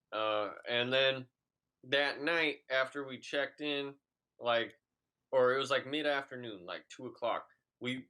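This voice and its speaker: Young dude on a podcast, bright voice, chill and rambly, swears a lot. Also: male voice, medium pitch. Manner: laid-back, profane, rambling with lots of "bro" and "like". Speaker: podcast co-host. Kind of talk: casual chat, storytelling.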